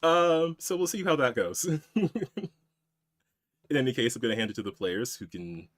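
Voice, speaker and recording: A man's voice: medium pitch, moderate pace, fairly bright tone, dry recording, studio quality. A man serving as game master on a tabletop game stream, laughing often as he tries out a southern drawl.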